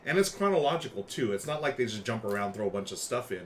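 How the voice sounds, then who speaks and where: A man's voice: lowish voice, big pitch swings, fast talker, slight background noise. Chatty man co-hosting a game stream. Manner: chatty, laughing, talks with mouth full. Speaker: game show co-host. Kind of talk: casual livestream chat.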